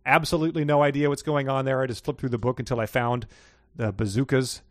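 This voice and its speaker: A man's voice: mid-range voice, steady tone, fast talker, dry recording. Playful male game host, dry close sound. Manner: playful, stumbling over words. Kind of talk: reading passages for a guessing game.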